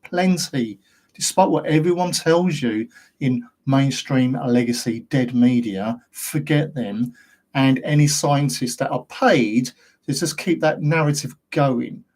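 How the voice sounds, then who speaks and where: A man's voice: mid-range voice, takes it slowly, a little mellow. Rambling British man ranting to camera. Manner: rambling, ranting, asks rhetorical questions. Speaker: host of a paranormal investigation channel. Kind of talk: casual monologue to camera.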